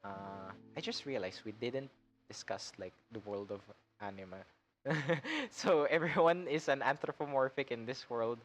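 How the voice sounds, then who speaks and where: A man narrating as game master, rambling a little and often filling pauses as he describes the scene. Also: mid-range voice. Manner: rambling, with many fillers and laughs. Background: guitar music.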